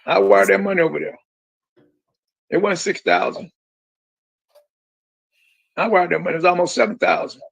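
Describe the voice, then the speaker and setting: A man's voice: high voice, steady tone, normal speed, vocal fry, long pauses, fairly bright tone, breathy edge, no room sound, rough recording. A middle-aged man, a grieving father, speaking emphatically as a guest and repeating himself.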